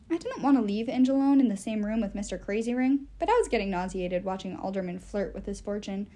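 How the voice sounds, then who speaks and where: A woman reading a novel aloud as the first-person narrator, in an expressive storytelling way. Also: medium pitch, fast, hardly any pauses. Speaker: audiobook reader.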